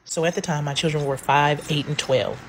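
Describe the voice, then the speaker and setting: A mother telling a spooky family story to camera, animated and dramatic, dropping to hushed tones and rising again. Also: sits low, brisk, breathy edge, poor audio. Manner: animated, dramatic, swings between hushed and loud.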